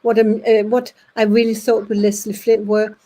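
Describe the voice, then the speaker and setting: Danish woman storyteller, mellow husky voice, animated delivery that acts out the voices. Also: mid-range voice, rough recording. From Denmark. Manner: lively, acts out voices in her anecdotes, with halting restarts. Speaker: speaker at an audience evening. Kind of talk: anecdotal storytelling to an audience.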